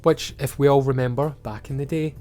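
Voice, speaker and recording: This is a man, retelling a TV episode in an animated, offhand way. He swears freely and slips into quick impressions of the characters. Faint music runs quietly behind him. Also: medium pitch. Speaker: video reviewer. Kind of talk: casual recap with acted-out quotes.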